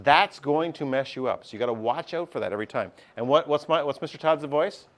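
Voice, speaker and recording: Guy teaching a class, chatty, keeps asking the room questions, a bit high pitched. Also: quick pace. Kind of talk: classroom lesson.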